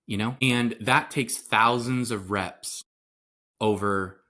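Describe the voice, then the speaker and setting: A man's voice: on the low side, fairly even intonation, slow, sharp tone. A middle-aged man talking as a guest on a podcast, earnest and explanatory. He keeps slipping into little acted-out quoted lines to make his points about parenting. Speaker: parenting coach and psychotherapist guest. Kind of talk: conversational podcast interview.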